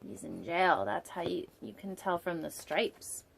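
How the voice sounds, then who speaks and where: A woman's voice: lowish voice, big pitch swings, measured pace, gravelly, slightly rough. A woman hosting a storytime show, reading a picture book aloud and breaking off for playful, digressive jokes, sometimes dropping to a whisper for an aside. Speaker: storytime host.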